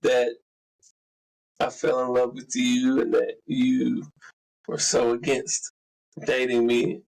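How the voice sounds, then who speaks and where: A man's voice: medium pitch, monotone, takes it slowly, creaky, darkish tone, low-quality recording. A man in his forties co-hosting a podcast, throwing in wry, teasing remarks in casual chat. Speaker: podcast co-host.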